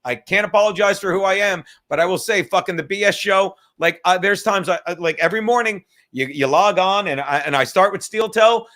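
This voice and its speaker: A man hosting a live stream, rambling loudly and profanely from topic to topic in casual chat. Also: high voice, a little fast, few pauses. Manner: loud, rambling, profane, jumps between topics.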